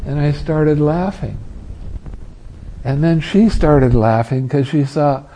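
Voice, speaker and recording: Slow, mellow-voiced meditation teacher. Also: male voice, on the high side, slight background noise, rough recording. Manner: acts out students' complaints. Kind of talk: dharma talk.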